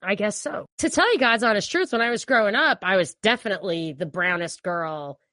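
A woman co-hosting a casual political chat, talking in a chatty way with laughing asides and quick restarts. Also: mid-range voice, sharp tone, no room sound. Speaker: co-host.

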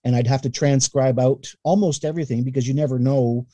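A middle-aged man from Canada spins anecdotes about his career in a relaxed, easygoing interview. His voice is very mellow and dark-toned, and he livens up his stories by acting out the people he quotes. The recording is dry and close, with no room sound. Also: medium pitch, brisk, dry recording. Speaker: guest, newspaper columnist and radio voice. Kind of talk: casual interview storytelling.

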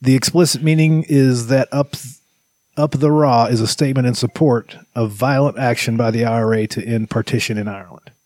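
A man's voice: medium pitch, fairly even intonation, a little fast, a little mellow, dry recording. A man co-hosting a podcast who tosses in sarcastic, crude quips during casual chat. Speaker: podcast co-host.

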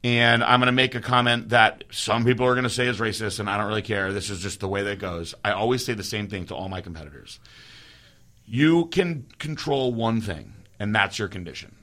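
Man, animated storyteller, bright edgy tone, casual profane chat, does quick voices of others. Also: fairly low pitch. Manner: animated storyteller, swears freely, mimics others. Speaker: podcast co-host.

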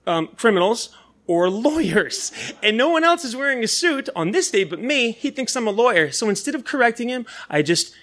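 A man's voice: high voice, fairly bright tone. A young man from San Diego telling a rambling, self-mocking story live on stage in a bar. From San Diego, California. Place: bar venue, live show.

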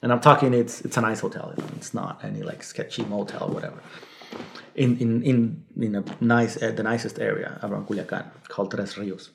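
Gravelly man. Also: lowish voice, steady tone, fairly quick, slight background noise. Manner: rambling, many restarts, frequent swearing. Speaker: guest, local fixer. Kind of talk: casual storytelling in an interview.

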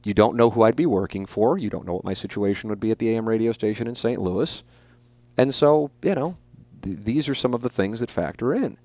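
A man's voice: lowish voice, brisk, dark tone, no room sound. A man in his forties hosting a podcast, answering listener questions in a blunt, emphatic and profane way, often repeating his points. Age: 40s. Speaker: podcast host.

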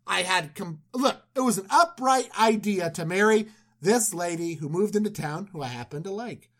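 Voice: animated, normal speed, fairly bright tone. A podcaster voicing an aggrieved male king who protests his innocence, pleading in a raised, exasperated voice. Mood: indignant. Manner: pleading, high-pitched, exasperated.

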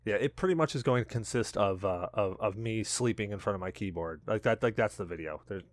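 A man's voice: lowish voice, a little fast, no echo. A man co-hosting a podcast, telling a story in casual chat, laughing often and acting out what people said. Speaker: podcast co-host.

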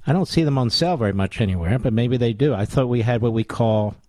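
A man's voice: medium pitch, quick pace, mellow, dry recording. A middle-aged man hosting a talk radio show, delivering a combative, sarcastic monologue full of rhetorical questions.

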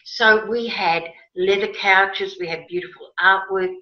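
A woman telling a personal story in a casual interview, animated and emotional, acting out her own past words. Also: medium pitch, a little slow. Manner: animated, emotional, quotes herself with rising excitement. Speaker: guest. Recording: roomy, slightly dull sound.

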